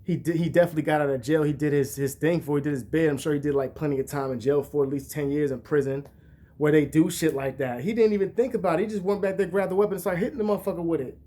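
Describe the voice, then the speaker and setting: A man's voice: fairly high pitch, fast. Profane rambling young man vlogging. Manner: profane, rambling, animated storytelling. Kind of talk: casual monologue to camera.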